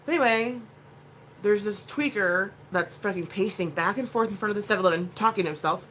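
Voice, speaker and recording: A woman's voice: mid-range voice, brisk, a bit bright, a little hiss or hum. A woman vlogging at home, telling a rambling story in a blunt, casual way with plenty of swearing. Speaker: vlogger, mother.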